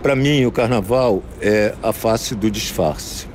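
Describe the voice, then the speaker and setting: A man in his sixties from Brazil, speaking English with a Brazilian Portuguese accent, slow and contemplative, recorded outdoors by a road. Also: on the low side, a little mellow, slight background noise. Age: 60s. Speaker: carnival designer.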